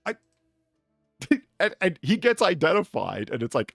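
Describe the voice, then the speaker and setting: Gravelly, animated male stream host. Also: on the high side, unhurried, no echo, studio quality, soft background music. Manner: animated, profane, acts out quotes while narrating a clip. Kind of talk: casual chat.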